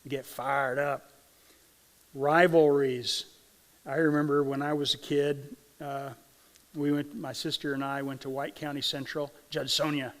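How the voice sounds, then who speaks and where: A man's voice: mid-range voice, level tone, unhurried, a bit bright. A middle-aged man from Arkansas preaching a sermon as pastor, with a conversational, folksy manner and frequent check-ins with the congregation. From Arkansas, USA. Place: church sanctuary. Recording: long church hall reverb.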